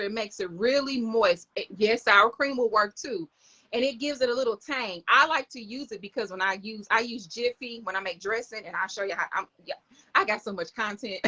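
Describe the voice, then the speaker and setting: A woman's voice: fairly high pitch, sharp tone, highs cut off. A middle-aged woman, chatting enthusiastically to viewers in a casual live stream, recorded on a phone camera.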